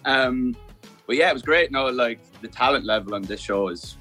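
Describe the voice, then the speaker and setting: Irish male guest, young, laid-back rambling talker, sharp bright timbre. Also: mid-range voice, normal speed, soft background music. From Ireland. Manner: relaxed, rambling, heavy use of "like" and "kinda". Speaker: guest singer. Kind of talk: casual radio interview chat.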